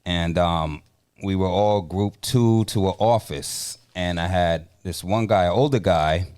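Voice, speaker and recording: A man's voice: low-pitched, takes it slowly, darkish tone, clean tone. A man in a casual discussion, telling a story from work in a hesitant way with fillers.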